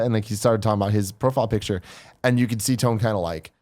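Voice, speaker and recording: A man's voice: lowish voice, fairly even intonation, rapid-fire, darkish tone. A man co-hosting a podcast in casual chat, telling stories and acting out what people said. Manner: storytelling, acts out quoted voices. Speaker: podcast co-host.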